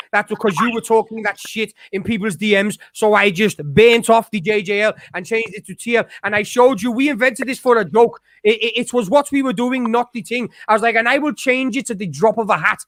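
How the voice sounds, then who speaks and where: A man's voice: sits high, a little fast, few pauses, fairly bright tone, no room sound, clean studio sound. A man ranting angrily on a live stream, swearing hard and stumbling over repeated words as he talks. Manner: angry, profane, stammering with many restarts. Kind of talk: heated rant on a live stream.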